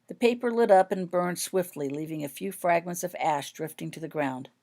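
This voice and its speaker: A woman narrating her own fan fiction story in an even, expressive read-aloud manner. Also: lowish voice, normal speed.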